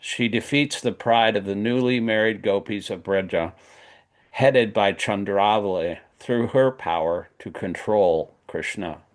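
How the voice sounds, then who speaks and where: A man leading an online class, reading scripture aloud at a steady pace and adding brief comments of his own. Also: measured pace. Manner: steady, list-like reading in a low voice. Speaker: class leader. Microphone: video call.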